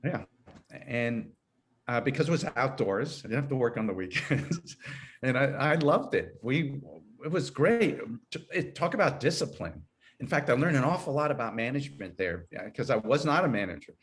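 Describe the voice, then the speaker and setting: A man's voice: medium pitch, very animated, normal speed. A man in his sixties, an HR consultant, talking through his career in a rambling, self-correcting way and laughing easily. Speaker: guest, HR consultant. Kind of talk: conversational interview.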